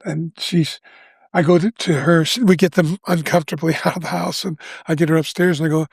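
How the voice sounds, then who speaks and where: An older man in his seventies with a gravelly, husky voice that sits a bit high for a man. He tells a personal story earnestly on a podcast, often restarting his sentences and acting out what people said. The sound is close and dry. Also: steady tone, fairly quick, no room sound. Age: 70s. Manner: earnest, restarts often, acts out quoted lines. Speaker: guest. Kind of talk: candid storytelling in a podcast interview.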